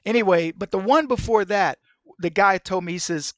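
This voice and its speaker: A middle-aged man hosting an opinion commentary show, telling stories in an animated way and acting out the people he quotes. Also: high-pitched, normal speed, no room sound. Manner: animated storyteller who acts out the people he quotes. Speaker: podcast host.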